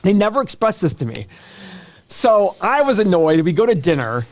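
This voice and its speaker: A man's voice: high-pitched, normal speed. A man co-hosting a money podcast in casual chat, telling a story with lots of acted-out quotes. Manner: animated storytelling, acting out quoted calls. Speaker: podcast co-host.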